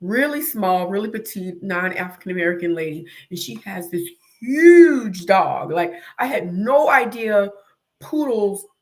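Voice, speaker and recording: A woman's voice: medium pitch, unhurried. A woman hosting an interview, telling a funny story with lots of laughter and acted-out screams. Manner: lively storyteller, laughs often, acts out her own screams. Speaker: host. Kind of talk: casual interview chat, animated storytelling.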